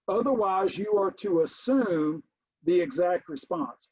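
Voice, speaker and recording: A middle-aged man, a college math instructor, giving a recorded lecture, stressing key points emphatically and addressing the class as ladies and gentlemen. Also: sits high, expressive, unhurried, breathy edge, no room sound, dull audio.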